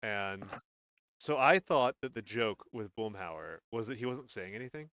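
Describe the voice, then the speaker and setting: A man's voice: lowish voice, expressive, normal speed, fairly bright tone, clear, resonant tone, no room sound. A man hosting a casual painting stream, rambling with lots of fillers and restarts. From northern region. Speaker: streamer and host.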